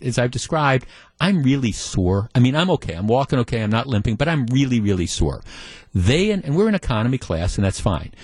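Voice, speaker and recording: A middle-aged man hosting a talk radio show, telling a story in an animated, mock-exasperated way into a studio microphone. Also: medium pitch, no echo.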